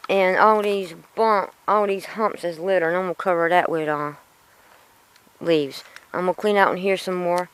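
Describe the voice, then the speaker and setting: A woman's voice: lowish voice, fairly even intonation, moderate pace, a bit bright, clear, resonant tone, rough recording. A woman rambling casually to her vlog camera, frustrated and in pain from a sore tooth. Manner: rambling, frustrated, self-talking. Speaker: vlogger. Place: outdoors in a yard.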